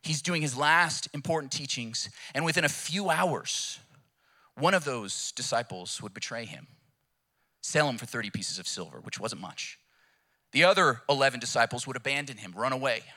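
Forceful pastor preaching. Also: male voice, mid-range voice, normal speed. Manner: animated, emphatic storyteller. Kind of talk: sermon.

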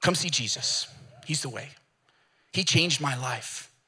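A man's voice: mid-range voice, unhurried, breathy edge. A man preaching a sermon as a pastor, telling stories and putting on voices for the people in them. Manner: animated storytelling with acted voices.

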